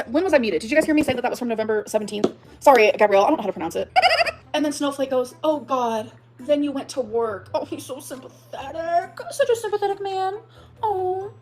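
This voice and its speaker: A woman vlogger ranting emotionally in a rambling, profane way. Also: high voice. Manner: rambling, profane, shifts between laughing and upset. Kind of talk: emotional vlog rant.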